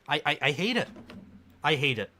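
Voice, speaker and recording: A man's voice: fairly high pitch, big pitch swings, normal speed, bright, forceful tone. A man hosting a live stream, giving game commentary as a frustrated, dejected fan.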